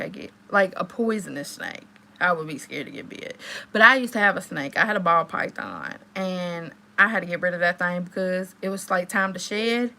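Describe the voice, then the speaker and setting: Bright, chatty woman on a livestream. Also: vocal fry. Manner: chatty, storytelling, swings into high exclamations. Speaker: livestream host. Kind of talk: casual livestream chat with viewers.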